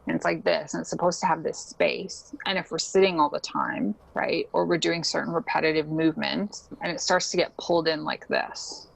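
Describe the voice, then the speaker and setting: A young woman talks casually as a podcast guest, her voice low-pitched with a gravelly fry. She laughs easily and strings thoughts together with likes and ums. The sound is dry and close. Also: animated, moderate pace, hardly any pauses, dry recording, poor audio. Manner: chatty, laughs often, many fillers. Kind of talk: casual interview chat.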